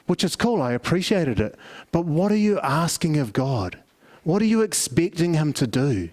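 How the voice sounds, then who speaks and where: A man's voice: on the high side, big pitch swings, moderate pace, a little mellow. A middle-aged man preaching a family service sermon, telling stories conversationally with many restarts. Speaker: pastor.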